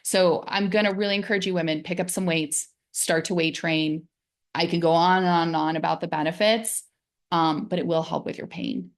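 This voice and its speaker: A middle-aged woman, a wellness coach, giving a casual, gentle and encouraging talk about pain, sometimes dropping into soft, soothing self-talk. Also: on the low side, steady tone, normal speed. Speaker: physical therapist and wellness coach.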